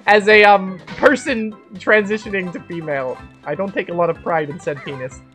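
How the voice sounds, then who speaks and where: A woman's voice: medium pitch, moderate pace, fairly bright tone, faint music behind. A woman chatting casually while streaming a game, rambling and joking with plenty of swearing. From Canada. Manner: rambling, jokey, swears freely. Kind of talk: casual gaming stream chat.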